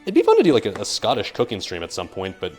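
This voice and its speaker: A man's voice: fairly low pitch, wildly swooping pitch, quick pace, darkish tone. Rambling American guy streaming while cooking. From United States. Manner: rambling, joking, reads chat aloud. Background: faint music.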